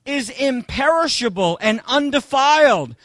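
A man preaching a sermon, emphatic, quizzing the congregation and swinging between loud proclaiming and quick asides. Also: very high voice, expressive, no echo.

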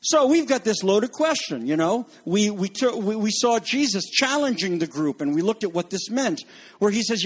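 A man's voice: sits high, normal speed. A middle-aged man preaching a sermon as pastor, acting out quoted voices as he goes. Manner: animated, acts out quoted voices.

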